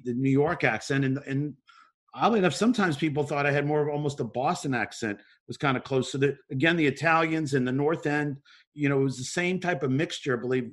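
A man from New Orleans, a co-host, telling stories in relaxed, casual radio talk. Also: mid-range voice. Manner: relaxed storytelling, chuckles.

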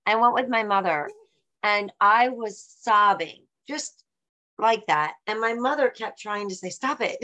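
A woman's voice: medium pitch, unhurried, sharp tone, dull audio. A woman hosting a casual chat, asking questions and sharing her own stories in an encouraging way.

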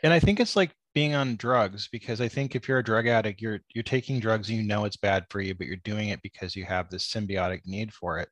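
A man's voice: lowish voice, brisk, few pauses, a bit bright, no room sound. A man hosting a podcast in casual conversation, agreeable and reflective, often affirming his guest. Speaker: podcast host.

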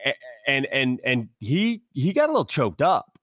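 A man's voice: medium pitch, big pitch swings, unhurried, fairly bright tone, no room sound, studio quality. A man co-hosting a casual sports talk show, speaking with passion and rambling through many restarts. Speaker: podcast co-host.

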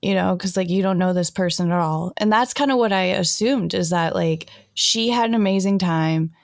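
A woman's voice: lowish voice, moderate pace, creaky, no room sound, studio quality. A young woman co-hosting a podcast, telling stories in a chatty way full of "like". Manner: chatty, storytelling with lots of "like". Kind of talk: casual chat.

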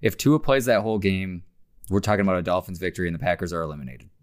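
A man co-hosting a sports podcast with a very low, smooth voice. He talks in a relaxed, rambling way, leaning on fillers as he goes through the week's games. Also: very fast. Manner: relaxed, many "um" fillers, chatty. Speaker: podcast host. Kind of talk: casual sports podcast chat.

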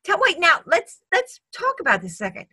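A woman's voice: extremely high pitch, wildly swooping pitch, fairly quick, bright, forceful tone. A woman hosting a casual interview, asking curious questions and breaking into laughs and exclamations. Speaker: interviewer host.

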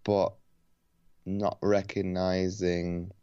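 A man's voice: sits low, flat delivery, very slow, dark tone, smooth, no room sound, highs cut off. A man hosting a podcast, chatting casually over a video call in a laid-back way, with frequent hesitant restarts. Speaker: podcast host. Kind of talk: casual conversation.

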